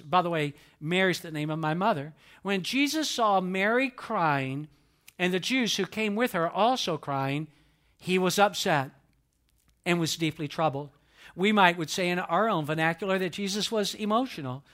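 Earnest bright-voiced male preacher. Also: high voice. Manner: earnest, emphatic preaching with call-and-response, dropping soft when emotional. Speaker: pastor. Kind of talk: sermon.

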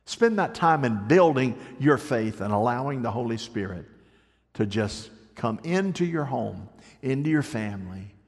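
A man delivers a sermon as a pastor, talking straight to the listeners in their homes. His voice sits at a middle pitch. A long reverb trails his words, as in a large hall. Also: animated, measured pace. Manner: preaching, addressing home listeners directly.

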